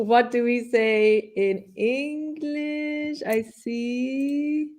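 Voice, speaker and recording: A woman hosts a live online English lesson, explaining and repeating each word patiently. Her voice sits a little high. She speaks at an unhurried, deliberate pace. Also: a little mellow. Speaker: English teacher hosting a live session.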